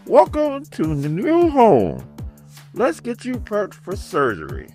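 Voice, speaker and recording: A man voicing a huge, calm, menacing male brute fighter in a strained, high, slow, patronizing voice. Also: soft background music, full character voice. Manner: soft, patronizing, slow and drawn out.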